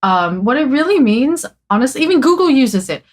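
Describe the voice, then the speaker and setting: A woman's voice: high-pitched, big pitch swings, brisk. A woman guest on a casual podcast, a content marketer who talks in a bubbly way and laughs easily.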